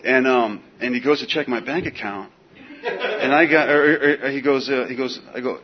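A man telling a personal story in casual, animated speech, full of "dude" and "man". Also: medium pitch, moderate pace. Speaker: guest telling his recovery story. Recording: dull lo-fi recording with faint hiss.

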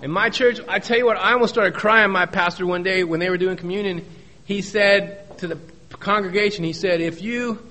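Middle-aged man, recovery testimony, folksy storyteller, joking asides, slightly high voice. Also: steady tone, normal speed, bright, forceful tone. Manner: repeats key phrases for emphasis. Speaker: speaker at a recovery meeting. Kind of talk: personal testimony talk.

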